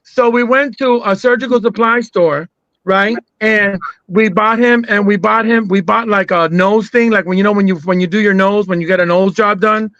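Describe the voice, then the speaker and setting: A man's voice: sits high, fairly even intonation, moderate pace, fairly bright tone, no echo, highs cut off. A man hosting a casual podcast chat, loose, joking and profane.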